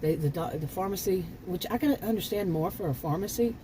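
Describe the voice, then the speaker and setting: A woman's voice: on the low side, fairly quick, noisy background. An older woman vlogging in a casual, rambling monologue, often restarting her sentences and sounding frankly exasperated.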